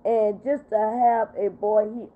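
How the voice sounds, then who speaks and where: Older woman hosting a livestream, upset and tearful, voice at a mid pitch, lo-fi phone sound. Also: steady tone, unhurried. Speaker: livestream host. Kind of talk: emotional livestream talk reading viewer comments. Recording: tinny phone-quality audio.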